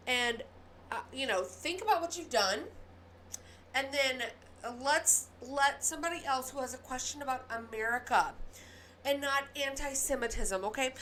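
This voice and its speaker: Southern woman news host, heated ranty delivery, pitched a bit high, soft hiss behind. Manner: heated ranting with quick apologies. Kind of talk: casual news commentary.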